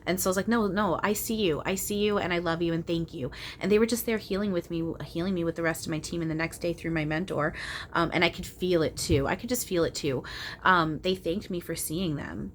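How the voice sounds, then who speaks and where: A young woman talking casually and earnestly at home about her spiritual experiences, animated, with frequent restarts and bursts of laughter. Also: fairly low pitch, fairly quick, slight background noise. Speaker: spiritual channeler and video host. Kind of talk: casual spiritual chat to camera. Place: at home, small room.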